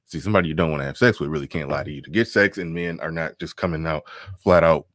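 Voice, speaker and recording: A man with a very low voice and speech hosts a live stream, riffing loosely. He repeats his phrases, chuckles between points and reads comments aloud. The sound is close and dry. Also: quick pace, fairly bright tone, no room sound. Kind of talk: casual live-stream commentary reading chat.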